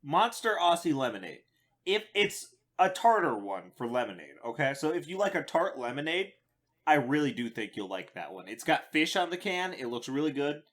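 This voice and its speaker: A man's voice: fairly high pitch, normal speed. A man co-hosting a podcast, chatting casually in a wry, teasing way. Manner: wry, teasing, lively delivery. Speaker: podcast co-host. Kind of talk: casual comedic chat.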